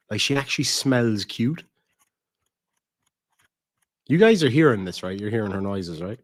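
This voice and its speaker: A man's voice: lowish voice, dry recording, clean studio sound. A man with an Irish accent hosting a casual livestream, reading donations and chatting loosely, swearing freely and cooing baby talk at his dog. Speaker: channel host.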